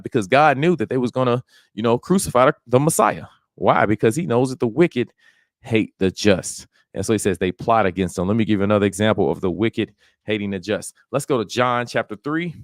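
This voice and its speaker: A male preacher breaks down scripture in loose, slangy street talk and slows right down whenever he reads a verse. His voice sits at an everyday middle pitch. The sound is dry and close, with no room echo. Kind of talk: bible study sermon.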